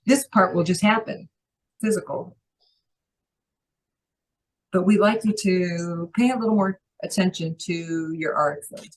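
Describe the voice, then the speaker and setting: A woman delivers a channeled spiritual message, speaking for a group of elders as "we". Her tone is playful and a little teasing, and her phrasing is unhurried and contemplative. Her voice sits slightly low. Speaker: trance channel.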